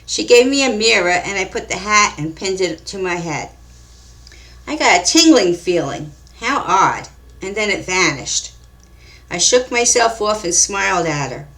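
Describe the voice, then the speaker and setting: A woman reading her own mystery story aloud in a calm, measured storytelling manner. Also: medium pitch. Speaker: author and narrator. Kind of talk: scripted story narration.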